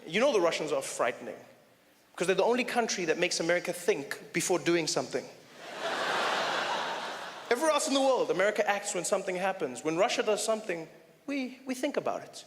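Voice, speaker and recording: A man with a South African accent performing chatty, animated stand-up comedy on a live stage. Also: high voice, fairly quick. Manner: chatty, animated, slips into impressions. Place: live comedy venue, large hall. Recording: echoey hall, loud audience noise.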